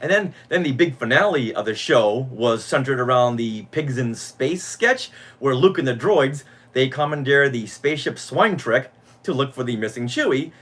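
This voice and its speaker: A man's voice: mid-range voice, animated, normal speed, a bit bright. A middle-aged man co-hosting a podcast, telling nostalgic stories with enthusiasm. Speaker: podcast co-host. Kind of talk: casual fan podcast chat.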